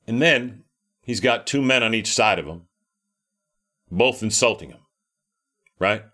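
A man's voice: on the low side, unhurried, sharp tone. A man preaching an informal sermon in a conversational way, often repeating words and checking in with his listeners.

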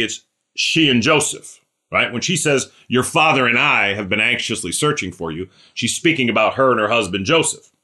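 A man preaching a relaxed, conversational sermon. He keeps checking in with the congregation and calls on listeners by name. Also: mid-range voice. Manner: chatty, asks listeners questions by name; animated, acts out scripture characters. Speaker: pastor.

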